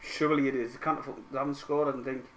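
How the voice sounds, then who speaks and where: A young man, excitably commentating on a football match for his live-stream viewers and swearing freely. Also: medium pitch, racing, slight background noise.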